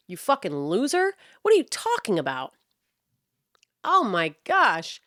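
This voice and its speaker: Casting note: woman in her thirties, blunt profane ranter, mid-pitched voice, dry close sound. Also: wildly swooping pitch, measured pace, long pauses, pushed and bright, dry recording. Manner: profane, blunt, heated, mocking. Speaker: podcast host. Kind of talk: ranting monologue.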